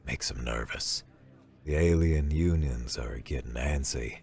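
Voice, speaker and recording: A man voicing a gruff, blunt human welder in his fifties who talks low and gives weary advice in a spoken story. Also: measured pace, darkish tone, faint music behind, full character voice. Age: 50s.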